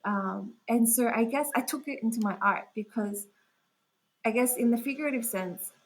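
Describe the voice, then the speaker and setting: A woman's voice: on the high side, normal speed, rough recording. A young woman chatting as an interview guest, talking casually with lots of fillers. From Australia. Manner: chatty, full of "like" fillers and laughs. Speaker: guest artist.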